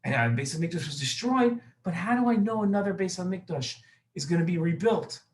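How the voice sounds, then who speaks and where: A man voicing a calm, wise old rabbi. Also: high-pitched, fairly quick, echoey room, recorded from a distance. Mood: reassuring.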